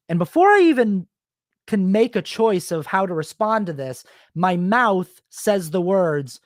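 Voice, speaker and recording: A man's voice: sits high, sing-song, a little slow, dry recording, clean studio sound. A man hosting a solo podcast, telling a self-deprecating story in a rambling, confessional way with many restarts. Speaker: podcast host.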